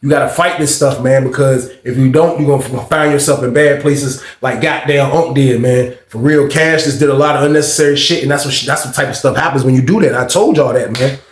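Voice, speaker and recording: A man's voice: medium pitch, a little fast, hardly any pauses. A man telling a story in a casual, slangy and profane way, acting out the people in it. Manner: slangy, profane, animated quoting. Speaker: storytime vlogger. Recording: roomy echo.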